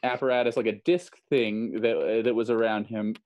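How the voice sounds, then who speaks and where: A man's voice: lowish voice, steady tone, normal speed, highs cut off. Casual man hosting a quiz on a call. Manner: runs a quiz game, reading out headlines. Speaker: podcast co-host. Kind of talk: casual chat over a video call. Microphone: video call.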